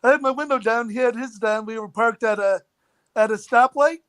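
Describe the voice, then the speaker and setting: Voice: mid-range voice, brisk, a bit bright. Laid-back speaker laughing along. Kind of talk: casual livestream chat.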